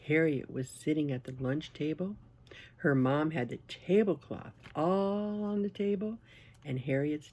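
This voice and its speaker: A children's storyteller with a husky, medium-pitched voice reads a picture book aloud. She is animated, asks the listeners questions, and drops into whispers.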